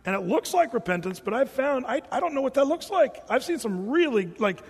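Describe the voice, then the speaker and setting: A man with a high voice preaches to his church in a casual, conversational way. He keeps slipping into the voices of the people he quotes. His words ring out with the long reverb of a large hall. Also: big pitch swings, brisk, creaky, a little mellow, husky. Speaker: pastor. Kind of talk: sermon.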